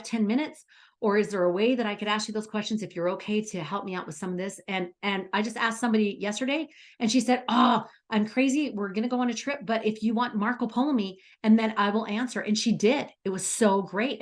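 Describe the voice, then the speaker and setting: An enthusiastic middle-aged woman teaches a coaching lesson for speakers. She talks in a bubbly, chatty way and tells lively stories. Her voice sits at a middle pitch.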